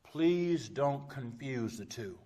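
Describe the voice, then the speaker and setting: A man preaching a sermon as a pastor, impassioned, with repeated rhetorical phrases that swing from loud urgent peaks to hushed low drops. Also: expressive, slow pace. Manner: repetitive rhetorical cadence. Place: church sanctuary. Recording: long church reverb.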